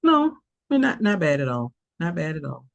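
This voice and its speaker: A speaker with a warm Southern US drawl chats easily on a video call, laughing often and restarting sentences as the thoughts come. The sound is dry and close, with no room around the voice. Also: medium pitch, wildly swooping pitch, normal speed, gravelly, dry recording, muffled recording. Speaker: teacher selling an online course. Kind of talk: casual video call chat.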